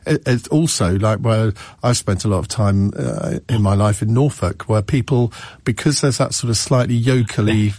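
A man's voice: fairly low pitch, moderate pace, a little mellow, no room sound. A man hosting a radio phone-in, musing aloud and chatting with callers, often restarting his sentences. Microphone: studio microphone.

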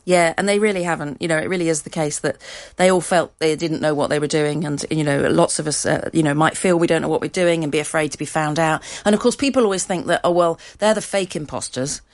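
Low-voiced woman explaining research calmly. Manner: measured, explanatory, cites research. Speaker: guest expert. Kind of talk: conversational interview answers.

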